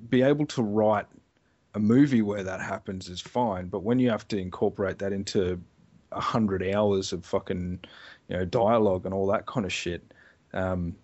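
A man chatting casually as a podcast co-host, an animated storyteller who swears freely. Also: fairly low pitch. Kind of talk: casual chat about a video game. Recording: dull lo-fi recording.

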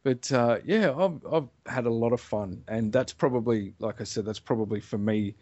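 A man chatting casually as a podcast co-host, an animated storyteller who swears freely. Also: mid-range voice, normal speed. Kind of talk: casual chat about a video game. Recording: dull lo-fi recording.

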